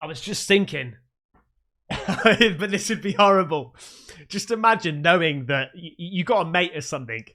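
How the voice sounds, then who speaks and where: A man, hosting a casual reaction video and commenting with animated, swearing banter. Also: sits high, moderate pace. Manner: animated, swears often, says "mate". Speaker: reaction channel host.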